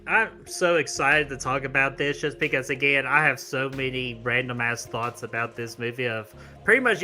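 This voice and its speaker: A man co-hosting a casual movie review chat, excitable and jokey, swearing freely as he talks. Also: mid-range voice. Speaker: podcast co-host.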